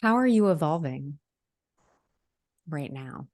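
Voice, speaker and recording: A woman hosting a casual, reflective conversation, asking gentle questions and musing thoughtfully. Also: low voice, lively intonation, slow. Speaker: podcast host.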